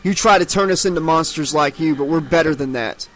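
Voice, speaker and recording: A man's voice: fairly high pitch, fairly quick, close to an everyday voice, poor audio. A man voicing an angry, defiant teenage boy who snarls his words in a storybook reading.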